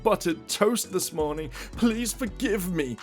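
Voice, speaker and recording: A man's voice: sits high, expressive, a little slow, soft background music, pitched above the performer's own voice. A man putting on the voice of a groveling, endlessly apologetic middle-aged man who pleads and whines.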